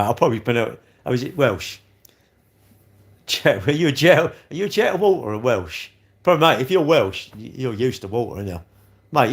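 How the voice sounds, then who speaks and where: A man, chatting casually on a live stream, rambling with tag questions and calling viewers mate. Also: medium pitch. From London. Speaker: livestream host. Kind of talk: casual live chat reading comments.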